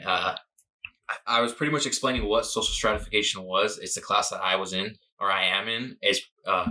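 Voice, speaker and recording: A man's voice: lowish voice, bright, forceful tone, low-quality recording. Young man rambling through a story. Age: young adult. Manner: rambling storyteller, many fillers. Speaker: podcast co-host. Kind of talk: casual chat.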